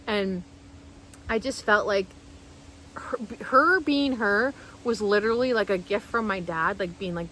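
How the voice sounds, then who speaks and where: A woman's voice: mid-range voice, moderate pace, fairly bright tone, a little hiss or hum, rough recording. A woman vlogger telling a personal story in casual, emotional, rambling speech full of restarts.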